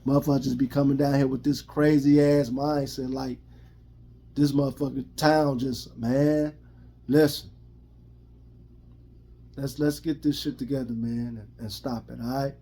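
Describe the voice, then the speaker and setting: A man's voice: mid-range voice, mellow. A middle-aged man with a Chicago accent, ranting bluntly to camera in heavy street slang and profanity. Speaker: vlogger giving his opinion. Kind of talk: casual rant to camera.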